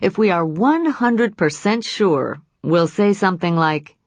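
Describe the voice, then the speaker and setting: A woman's voice: on the low side, animated, measured pace, no echo. A woman teaching a grammar lesson in a patient, explanatory way. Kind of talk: scripted grammar lesson narration.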